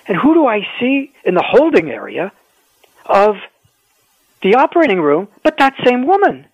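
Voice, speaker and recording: A man, an orthopedic surgeon, telling wry stories in a measured way as a guest in an interview. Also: sits high, huge pitch swings, breathy edge, dry recording. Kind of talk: phone-in interview, storytelling. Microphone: telephone. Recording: tinny phone line.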